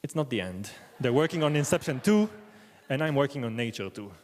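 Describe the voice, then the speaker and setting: A man's voice: medium pitch, animated, brisk, a little hiss or hum. A man telling a wry, self-deprecating story live on a theater stage, acting out the people he quotes. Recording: long hall reverb.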